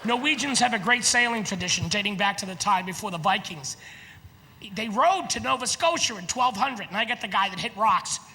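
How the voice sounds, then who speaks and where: High-voiced man doing stand-up in a big hall. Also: a little fast, slight background noise. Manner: animated, shouting punchlines and acting out characters. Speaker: stand-up comedian. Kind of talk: stand-up comedy routine. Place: large theater stage. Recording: live theater with audience laughter.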